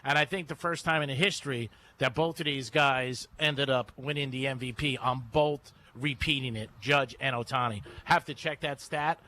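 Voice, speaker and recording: A man hosting a radio sports betting segment, talking in a brisk, breezy, chatty way into a studio microphone. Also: medium pitch, steady tone, bright, forceful tone, a little hiss or hum. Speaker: radio host.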